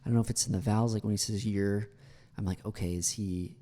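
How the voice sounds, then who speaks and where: A man's voice: fairly low pitch, fairly even intonation, racing, dark tone, in a large hall. An American man teaching English, critiquing a speech clip in a chatty way with many fillers. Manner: chatty, many fillers, repeats words for analysis.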